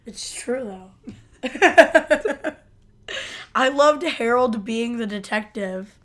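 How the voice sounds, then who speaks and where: A woman's voice: fairly high pitch, very slow. Young woman chatting about a show, agrees a lot, laughs easy. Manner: easygoing, agrees often, laughs readily. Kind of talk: casual chat about a TV episode.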